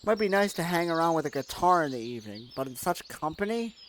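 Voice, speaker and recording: A woman's voice: low-pitched, very animated, fast, slight background noise. Casual woman streamer reading a game. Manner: casual, swears, breaks off to comment. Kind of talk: reading a visual novel aloud with commentary. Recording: loud game music behind.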